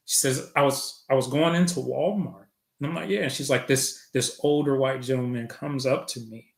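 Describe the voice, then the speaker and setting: A man's voice: mid-range voice, moderate pace, creaky. A middle-aged man from Chicago, a podcast guest, recounting past events in a reflective way and voicing the people in his story. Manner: reflective, retells events with quoted dialogue. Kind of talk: storytelling in conversation. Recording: roomy echo.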